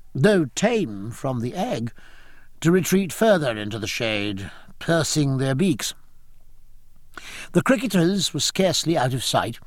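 An audiobook narrator with a medium-pitched male voice reads a novel in measured, expressive scripted narration. The recording is studio quality, with no room sound.

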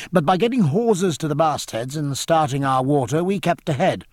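A man's voice: medium pitch, no room sound, clean studio sound, close to an everyday voice. A man voicing an earnest naval captain giving a formal, respectful report to his superior in an audiobook.

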